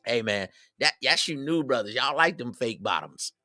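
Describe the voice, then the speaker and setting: A middle-aged man giving casual advice in a slangy, preachy, joking way, with loud swings. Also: mid-range voice, expressive, normal speed, no echo, studio quality. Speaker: show host.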